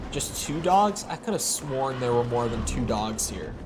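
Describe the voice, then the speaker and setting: A man's voice: mid-range voice, expressive, normal speed, noisy background. A man giving rambling live gameplay commentary, chatting to viewers and correcting himself as he goes. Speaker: streamer.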